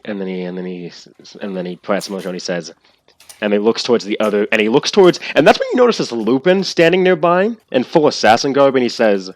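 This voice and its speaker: A man narrating as game master in a tabletop game, in quick, animated narration full of restarts. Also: fairly low pitch, no room sound.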